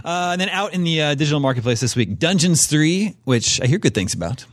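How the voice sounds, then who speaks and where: A man's voice: fairly high pitch, lively intonation, a little fast, no room sound, studio quality. A man co-hosting a gaming podcast who reads out the weekly release listings and then chats casually about them. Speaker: podcast co-host reading the release report. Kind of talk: casual chat and read news segment.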